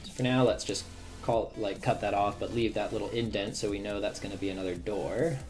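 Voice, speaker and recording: A game developer streams live, chatting casually and thinking aloud as he works, full of fillers and restarts. His voice is darkish in tone and fairly quick, with faint drum and bass music in the background.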